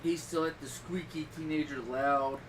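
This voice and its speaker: A middle-aged man hosting a podcast, chatting casually and telling rambling stories with sudden loud bursts. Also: a little high, moderate pace, recorded from a distance, crowd noise, low-quality recording. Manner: rambling, animated storytelling with loud outbursts. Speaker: podcast host. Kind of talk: casual chat. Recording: voice a little off-mic with clear background noise.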